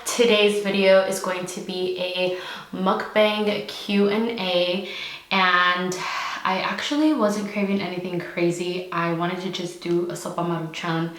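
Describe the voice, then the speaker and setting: A woman's voice: lowish voice, steady tone, a little slow, fairly bright tone, echoey room, poor audio. A young woman from California, pregnant and out of breath, chatting casually to camera while eating noodles. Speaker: YouTube host. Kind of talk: casual mukbang chat.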